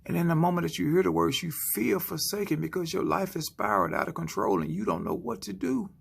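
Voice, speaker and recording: Very gravelly man preaching dramatically. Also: a little high, very animated. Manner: slow, dramatic delivery that drops into hushed whispers. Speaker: motivational speaker. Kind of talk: spoken-word motivational sermon.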